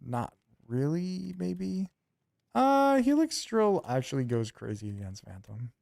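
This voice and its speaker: A man's voice: fairly high pitch, a little slow, creaky, no room sound, clean studio sound. A man streaming a video game, chatting casually with his viewers in a loose, rambling way full of fillers. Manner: rambling, relaxed, lots of fillers.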